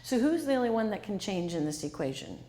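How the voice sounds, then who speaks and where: A woman's voice: mid-range voice, big pitch swings, quick pace, dark tone, in a large hall, a little hiss or hum. A woman author giving an interactive talk to a live audience, quizzing the listeners and repeating their answers back. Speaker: author and speaker.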